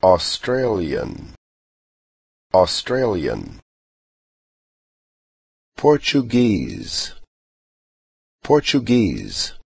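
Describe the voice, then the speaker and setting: A man reads out short practice phrases one at a time and says each one twice. His voice is deep and gravelly, and he speaks very slowly. The recording is dry and close, with no room sound. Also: wildly swooping pitch, a little mellow, no echo. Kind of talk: slow repeat-after-me drill.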